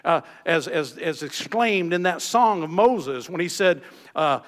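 A man preaching a sermon with a high-pitched voice that rings out with long reverb, as if from a church sanctuary. He pushes up into emphatic peaks, then falls back to quiet, low phrases. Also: expressive, a little slow. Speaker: pastor.

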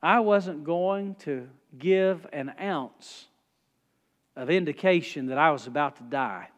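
A man preaching a sermon, folksy in his storytelling, dropping to a hush and then rising loud. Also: fairly high pitch, slow pace, big-room sound. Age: 40s. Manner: folksy, swings from hushed to loud. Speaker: pastor.

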